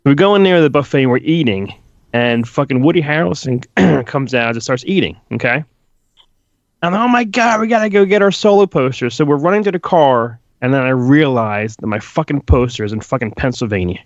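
A man's voice: mid-range voice, a little fast, no echo, highs cut off. A man co-hosting a podcast in casual chat, telling stories with lots of swearing. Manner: animated storyteller, swears freely. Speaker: podcast co-host.

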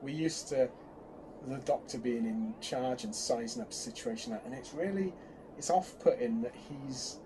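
A man's voice: medium pitch, normal speed, background noise. A man co-hosting a casual fan chat, talking in bursts with lots of restarts. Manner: chatty, hesitant restarts, animated bursts. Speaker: podcast co-host.

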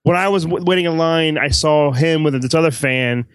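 A man co-hosting a podcast, recalling a convention in casual chat, quick to agree. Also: on the high side, clear, resonant tone, dry recording. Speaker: podcast co-host.

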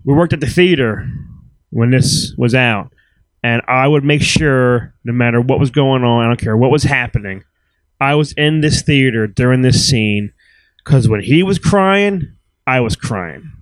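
Brief: forties man, mid pitch, dry sound, animated casual chat. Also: normal speed, no room sound, rough recording. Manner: chatty, animated, swears casually. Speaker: podcast co-host. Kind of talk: casual chat about films.

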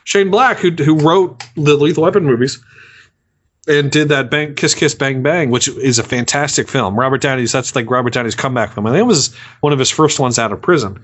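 A man co-hosting a movie review podcast, talking in a halting way with many restarts in casual chat. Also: mid-range voice. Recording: dull lo-fi audio.

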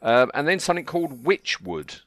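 Man, podcast host, animated pitch, dry close sound, chatty and quick to laugh. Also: no echo. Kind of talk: casual chat.

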